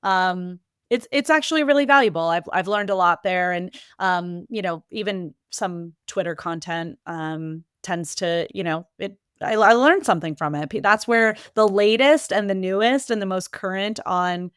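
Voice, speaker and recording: Smooth-voiced woman podcast guest. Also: lowish voice, no room sound, clean studio sound. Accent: New England. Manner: quick, lively, many fillers and restarts. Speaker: podcast guest, marketing executive. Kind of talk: casual interview talk.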